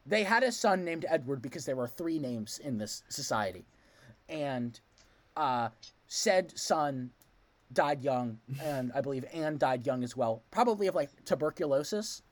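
A man's voice: a little high, measured pace. A man hosting a podcast, recapping a play in a loose, jokey way. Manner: animated, jokey storyteller who slips into quoted voices. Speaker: podcast host. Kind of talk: casual chat recapping a play.

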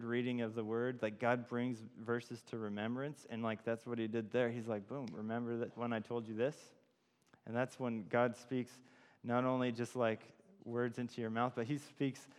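A man's voice: medium pitch, darkish tone, clean tone. A man giving an informal sermon, telling a personal story with many fillers and restarts. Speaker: church speaker. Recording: long hall reverb.

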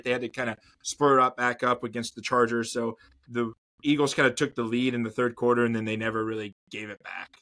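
A man co-hosts a sports podcast in a middle-pitched voice. He talks casually and rambles, repeating words and trailing off before he lands a point. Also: a bit bright. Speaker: podcast co-host.

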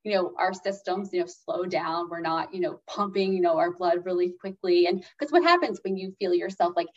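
Woman guest chatting about calming down, lots of likes and ums, kinda muffled lo-fi audio. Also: lowish voice, a little fast. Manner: chatty, many fillers, acts out inner voices. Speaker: guest expert on anxiety. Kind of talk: casual interview talk. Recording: slightly dull lo-fi sound.

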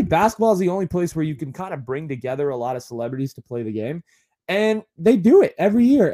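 A man's voice: a little high, mellow. A man hosting a podcast in a casual, rambling monologue full of fillers and asides. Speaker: podcast host.

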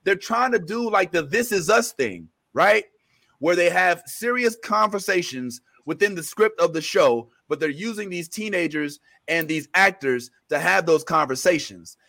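High-voiced, rambling male podcast host. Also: normal speed, creaky. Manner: rambling with many restarts and fillers, animated when quoting scenes. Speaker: show host. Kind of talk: casual pop-culture discussion.

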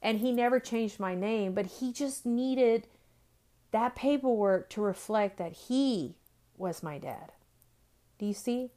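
A middle-aged woman sharing her testimony, telling the story with lively acted-out dialogue. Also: on the high side, takes it slowly. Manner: animated storytelling, acting out dialogue. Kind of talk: testimony talk.

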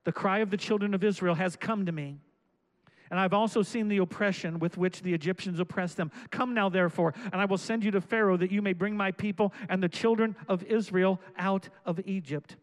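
High-pitched guy preaching, reads the bible then gets loud and fired up. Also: steady tone, fairly quick, low-quality recording. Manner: preaching with rising, shouted exhortations; reads scripture aloud, then comments. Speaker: pastor. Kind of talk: sermon.

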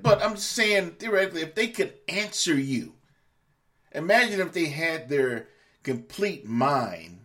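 With a fairly bright, mid-range voice, this male podcast host rants angrily at his listeners. He swears, scolds them and repeats words as his anger builds in the monologue.

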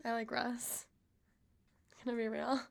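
A woman's voice: a little high, completely flat delivery, measured pace, gravelly. A young woman co-hosting a podcast, playful and teasing in casual chat. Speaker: podcast co-host.

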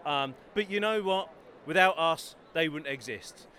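A man's voice: fairly high pitch, animated, a little slow, pushed and bright. A man from Bedford, an author, talking chattily and eagerly about his books in an interview at a busy fair. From Bedford, England. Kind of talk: enthusiastic self-promoting interview. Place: busy trade fair hall.

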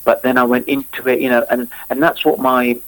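A man's voice: mid-range voice, level tone, a little fast, fairly bright tone, no room sound, rough recording. A man, a cricketer being interviewed, talks eagerly and rambles with many fillers and restarts. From England. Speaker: cricketer and guest.

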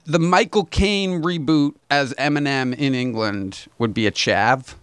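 A man's voice: medium pitch, a little slow, a bit bright, smooth, dry recording. A man, a podcast guest and stand-up comic, chatting casually and often stopping to search for words. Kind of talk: casual chat.

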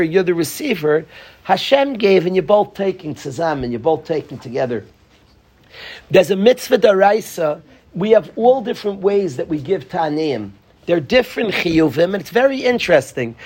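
A man's voice: high-pitched, a little mellow, husky. A man giving an informal, joking Torah talk to a small group, repeating his key phrases with animation. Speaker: Torah teacher.

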